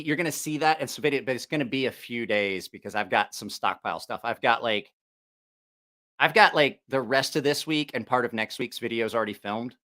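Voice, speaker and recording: A man hosting a casual livestream and chatting with viewers in a rambling, halting way. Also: medium pitch, pushed and bright. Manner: rambling, halting, with restarts and swearing. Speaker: livestream host.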